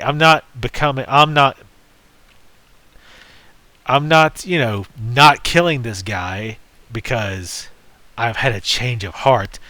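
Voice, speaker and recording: A man's voice: medium pitch, bright, forceful tone, dry recording. A man giving casual, joking and rambling commentary while playing a video game. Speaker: let's play host.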